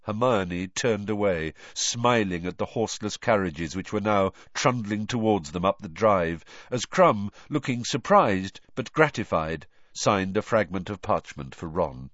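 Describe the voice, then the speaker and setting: A man narrating an audiobook in an expressive, animated reading. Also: on the low side, unhurried, hardly any pauses, no room sound, lo-fi sound.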